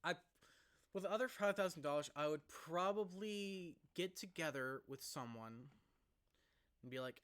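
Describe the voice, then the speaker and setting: A young man vlogging casually into a laptop mic, rambling and laughing as he talks, sometimes rushing and sometimes slowing down. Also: on the high side, fairly bright tone, smooth. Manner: rambling, laughs often, jumps between fast and slow. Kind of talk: casual to-camera vlog.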